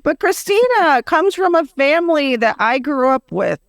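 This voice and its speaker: A woman's voice: sits high, very animated, normal speed, dry recording, clean studio sound. A woman hosting a podcast, chatting casually with rambling asides and frequent laughs. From Western New York. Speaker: podcast host. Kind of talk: casual interview chat.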